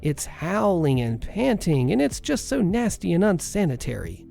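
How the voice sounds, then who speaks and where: A man's voice: sits high, sing-song, normal speed, creaky, warm tone, faint music behind, pitched above the performer's own voice, full character voice. A man reading a story aloud, voicing a rude, entitled middle-aged woman who screeches insults at a service dog and its owner. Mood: shrill, scornful. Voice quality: screechy, scornful.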